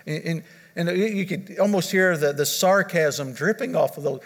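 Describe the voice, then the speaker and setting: Earnest preacher in a reverberant hall. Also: male voice, fairly high pitch, normal speed. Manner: earnest preaching with repetition and restarts. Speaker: pastor. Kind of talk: sermon.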